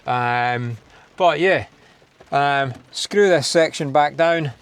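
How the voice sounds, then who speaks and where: A Scottish man with a fairly high, clean-toned voice speaks slowly as he works inside a parked car for a do-it-yourself video. His casual install walkthrough is chatty and self-mocking, full of thinking aloud.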